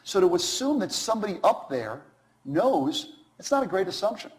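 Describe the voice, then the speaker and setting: Man, guest speaker, storytelling talk, animated, slightly high-pitched, acts out dialogue. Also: moderate pace, rough recording.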